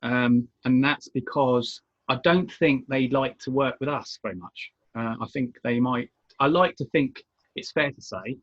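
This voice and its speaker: Brief: husky British male co-host, loose rambling chat, muffled lo-fi recording. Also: medium pitch, unhurried, fairly bright tone. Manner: rambling, lots of fillers. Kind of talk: casual chat show. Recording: dull lo-fi sound.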